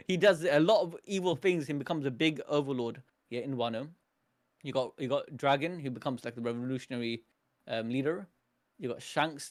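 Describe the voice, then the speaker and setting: Slightly high guy reacting to a manga chapter live, reads the panels out, laughs a lot, says bro constantly. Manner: excitable, laughs often, reads panels aloud with slangy asides. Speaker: anime reaction streamer.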